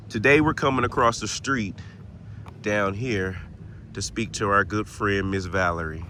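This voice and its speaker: A man with a fairly low, slightly bright voice talks at normal speed, with a little hiss or hum in the recording. He hosts a paranormal vlog outdoors in a cemetery, chatting casually and laughing often.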